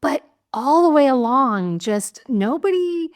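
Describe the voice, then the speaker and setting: A woman hosting a podcast, telling stories in a candid, animated way and swearing casually. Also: sits high, slow. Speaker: podcast host. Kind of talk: casual conversational interview.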